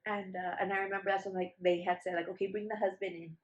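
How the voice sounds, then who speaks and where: A woman's voice: mid-range voice, flat delivery, fast, dull audio, a little hiss or hum. A young woman vlogger telling a personal story in a casual, chatty way, with many fillers and restarts. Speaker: vlogger, new mother.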